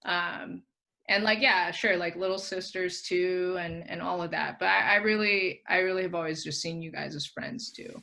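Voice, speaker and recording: A woman's voice: fairly low pitch, fairly even intonation, normal speed, gravelly, sharp tone. A young adult woman, a podcast guest, chatting casually and reflectively, with lots of "like" fillers. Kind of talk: casual chat.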